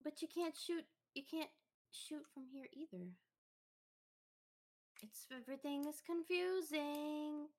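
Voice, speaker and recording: A woman's voice: high voice, steady tone, takes it slowly, long pauses, a little mellow. A woman co-hosting a podcast, reacting playfully and giggling in a casual chat while playing a video game. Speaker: podcast co-host.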